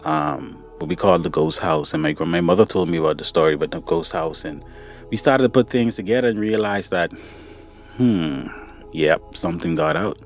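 A man's voice: deep voice, animated, moderate pace, creaky, soft background music. Casual man telling a personal story. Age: adult, grown since childhood events. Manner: casual, conversational, addresses listener as "buddy" and "boy". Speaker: podcast storyteller.

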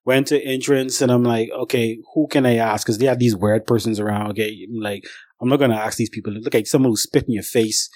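A man's voice: medium pitch, fairly even intonation, brisk, darkish tone, dry recording. A man telling a long, rambling story about his travels in a casual, conversational way, speaking straight to his viewers.

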